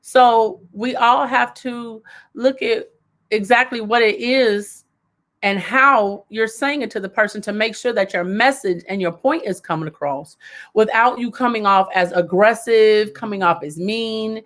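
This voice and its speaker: A woman's voice: fairly high pitch, measured pace, fairly bright tone. A woman hosting a live advice show, coaching viewers in a casual way, repeating her key points and laughing as she reads their comments.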